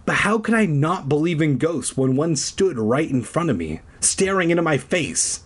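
A man's voice: on the high side, very animated, normal speed, husky. A man reading a children's horror book aloud in a comedic way, breaking off into sarcastic, profane rants. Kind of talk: comedic read-aloud with ranting asides.

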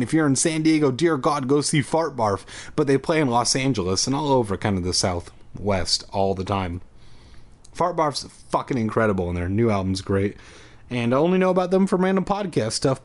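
A man hosting a podcast, reading a spooky children's book aloud with irreverent, profane comic asides. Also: medium pitch.

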